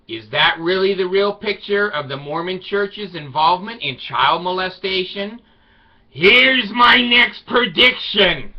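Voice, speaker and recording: A man talking to camera in a loose, rambling monologue, wry and irreverent in tone. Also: high voice. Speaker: video blogger. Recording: slightly dull lo-fi recording.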